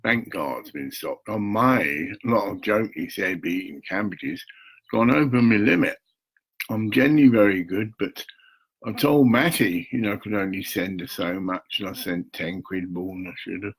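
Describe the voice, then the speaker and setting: A man's voice: low-pitched, moderate pace, slightly rough, low-quality recording. An older man, rambling and muttering to himself at home while talking to camera, swearing now and then. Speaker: vlogger.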